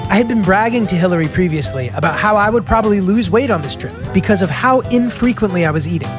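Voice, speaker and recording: A young man from the United States narrating his road trip in a casual, self-deprecating way, full of "like" and asides. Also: high voice. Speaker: travel vlog narrator. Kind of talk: scripted travel narration.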